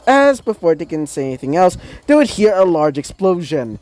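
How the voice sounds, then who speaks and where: A man's voice: sits high, very animated, brisk, darkish tone. Rambling young man reading a fan story. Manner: rambling, self-correcting, filler-heavy. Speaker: fan fiction narrator.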